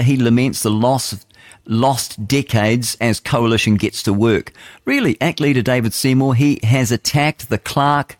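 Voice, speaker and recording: A man's voice: mid-range voice, no room sound, studio quality. A middle-aged man with a New Zealand accent, hosting an opinionated talk radio show in a rambling, conversational way full of asides. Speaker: radio host.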